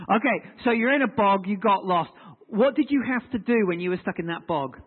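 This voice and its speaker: A man's voice: high-pitched, expressive, normal speed, slightly rough. A man preaching informally to people at tables, chatty and teasing, repeating his questions to the room. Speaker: preacher leading a group session. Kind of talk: informal sermon with audience discussion. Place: large hall with tables. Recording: tinny lo-fi audio in a reverberant hall.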